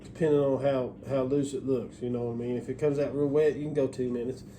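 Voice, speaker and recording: Man, middle-aged, mellow voice, casual cooking talk, rambling, folksy. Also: mid-range voice, little pitch movement, fast talker, a little hiss or hum. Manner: folksy, rambling, repeats himself. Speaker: cooking show host.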